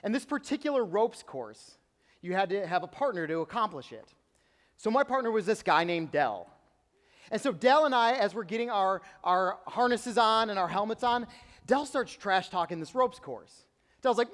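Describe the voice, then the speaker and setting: A young man with a high, bright voice preaching to a youth crowd in a large church auditorium. He tells stories with lively energy and slips into the voices of the people in them. Long reverb from the big hall trails after every phrase. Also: normal speed. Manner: animated storytelling, acting out quotes. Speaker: youth pastor. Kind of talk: youth sermon.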